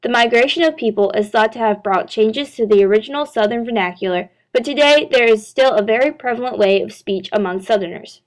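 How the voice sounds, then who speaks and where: A woman, a student narrator, reading a scripted narration in a steady, formal way. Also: fairly high pitch, brisk, few pauses. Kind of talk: read-aloud scripted narration.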